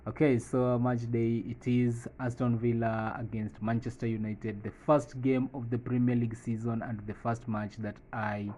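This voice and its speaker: A fairly low-voiced man talks through his football management save, musing over each choice and then bursting into excited commentary when the goals go in. The sound is dull and lo-fi, with a faint hiss underneath. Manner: thinking aloud, breaking into excited play-by-play calls. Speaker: gaming channel host. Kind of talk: let's-play commentary on a football management game.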